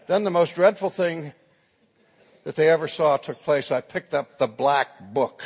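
A man's voice: on the high side, a little slow, breathy edge, muffled recording. A man preaching a sermon, telling a story in a dramatic, emphatic way. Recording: long hall reverb.

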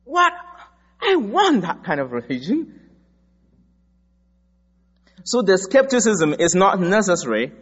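A man's voice: high voice, fairly bright tone. A man from Africa preaching a sermon, telling stories and stressing his points with emphasis. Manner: storytelling, emphatic. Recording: dull recording in a large echoing hall.

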